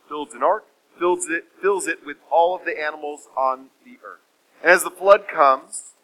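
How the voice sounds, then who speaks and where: A man preaching a sermon, retelling a scripture story in a measured, emphatic way. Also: on the high side, pushed and bright, poor audio.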